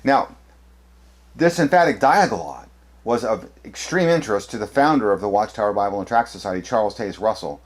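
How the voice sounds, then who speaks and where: Man, low-pitched, emphatic lecture, frequent fillers, restarts, showing books to camera. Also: animated, brisk. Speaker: apologetics video presenter.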